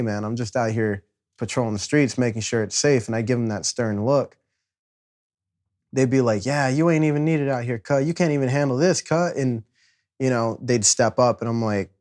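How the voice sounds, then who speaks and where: A young man from Chicago telling a story about himself in a loose, animated way, acting out voices, laughing at himself and swearing freely. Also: medium pitch. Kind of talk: casual spoken storytelling.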